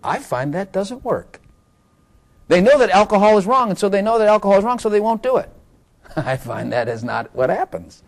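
Lively chuckling male preacher. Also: high voice, normal speed, gravelly. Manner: chuckling, playful asides, rising to excited emphasis. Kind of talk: sermon.

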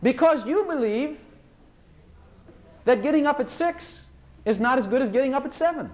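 An older man at a moderate pace gives a sermon before a congregation. He stays animated and forceful, lifting into a high register as he performs prayers.

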